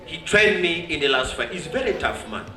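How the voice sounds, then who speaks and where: A man's voice: a little high, big pitch swings, brisk, pushed and bright, faint music behind. A Ugandan man giving an exuberant public thank-you speech at a ceremony, laughing often and mixing in Swahili. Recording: roomy echo.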